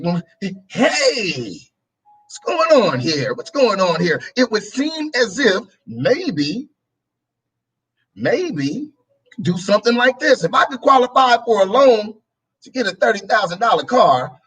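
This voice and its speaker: A man's voice: sits high, a bit bright, breathy edge, rough recording. A male talk show host delivering a preachy political commentary monologue, repeating his phrases and acting out both sides of an argument.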